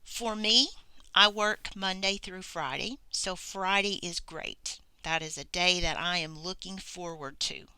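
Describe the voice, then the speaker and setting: A woman teaching a grammar lesson in a slow, unhurried way. Her voice is bright and smooth, sitting a little low. She explains deliberately and acts out example sentences as she goes. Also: no echo.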